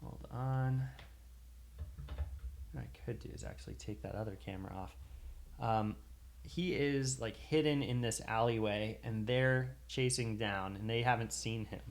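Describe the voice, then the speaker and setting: Brief: mid-pitched male game master, halting and rambling, narrates combat for a stream. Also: gravelly. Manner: rambling, hesitant with many fillers.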